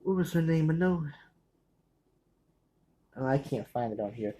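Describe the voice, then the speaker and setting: Brief: man host, mellow tone, rambling chat about his movie collection, keeps losing names and restarting. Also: fairly high pitch, expressive, measured pace, poor audio. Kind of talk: casual rambling talk to camera.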